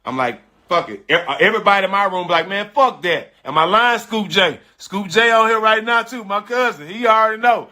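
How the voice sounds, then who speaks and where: A middle-aged man telling a personal story in casual, slangy speech, animated and emphatic, often repeating his phrases. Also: sits high, a little fast, hardly any pauses. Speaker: storyteller on a live stream.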